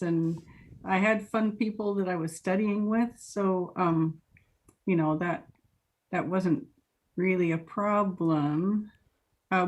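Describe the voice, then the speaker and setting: A woman's voice: lowish voice, darkish tone. A woman in her thirties with an American accent, answering interview questions in a chatty way and laughing often. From United States. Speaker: interview guest. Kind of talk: casual interview.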